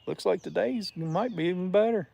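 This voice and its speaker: A man hosts a relaxed live stream outdoors by a river and keeps up a steady chat with his viewers, greeting them one by one. His voice sits a bit high for a man and has a gravelly, creaky texture. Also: moderate pace, dry recording. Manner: chatty, greets viewers by name.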